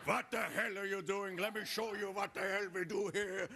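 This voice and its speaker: A man barking as a gruff old grandfather. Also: high-pitched, fairly even intonation, normal speed, background noise, pitched above the performer's own voice. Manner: barking, bossy.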